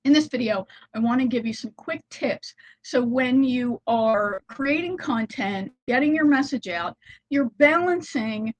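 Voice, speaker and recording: Talking straight into her laptop's built-in mic from inside a house, a content strategist explains her ideas in a casual talking-head video. Her fairly high voice is animated but a little slow, and she's chatty and informal with small self-corrections. The audio quality is poor.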